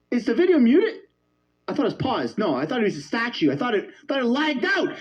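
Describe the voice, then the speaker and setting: High-voiced shouting streamer man. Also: very animated, moderate pace, dull audio. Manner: shouting, swearing, exasperated. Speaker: streamer reacting to a parliament clip. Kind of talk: loud profane reaction commentary. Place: home basement. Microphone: headset with headphones.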